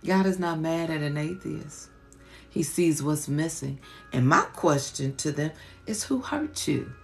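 A woman's voice: deep voice, fairly even intonation, unhurried, creaky, soft background music. A woman preacher giving an impassioned, colloquial teaching sermon on a live stream, repeating rhetorical questions.

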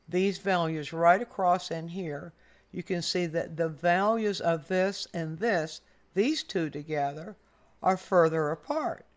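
An older woman walks the viewer through a painting lesson. Her delivery is patient and explanatory, and she guides the viewer's eye point by point. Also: on the low side. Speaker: art teacher.

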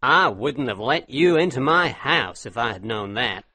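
A man reading an audiobook, voicing a grim old man who warns slowly. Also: medium pitch, lively intonation, bright, forceful tone, dry recording, pitched above the performer's own voice, heavily acted. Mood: grave. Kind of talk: audiobook character voice.

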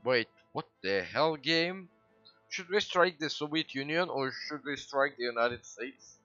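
Excitable swearing man streaming a game. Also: medium pitch, a little slow, dry recording, highs cut off, soft background music. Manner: excitable, swears, sudden loud outbursts. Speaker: gaming livestreamer. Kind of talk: casual gameplay commentary.

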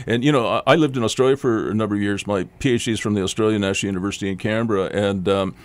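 A man's voice: on the low side, racing, no echo. Chatty older Canadian man, dry studio sound. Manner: rambling, chatty, lots of restarts and self-interruptions. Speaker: guest. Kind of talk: casual interview storytelling. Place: radio studio. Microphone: studio mic.

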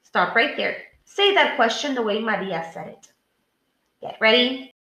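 A woman teacher reads a story aloud to her class, stopping often for questions and prompts. Her voice is bright and fairly high, and she speaks clearly and deliberately. The recording carries a roomy echo. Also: animated.

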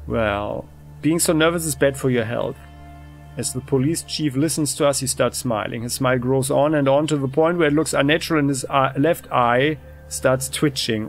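Relaxed male let's-play host, gravelly voice, mid pitch. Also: normal speed, soft background music. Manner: relaxed, thinking aloud with restarts. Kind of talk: casual gameplay commentary.

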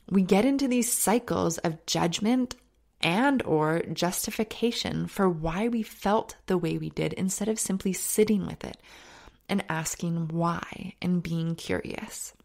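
A woman hosting a faith-based self-help podcast, telling stories earnestly and sometimes dropping to a soft near-whisper. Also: on the low side, unhurried, creaky. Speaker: podcast host.

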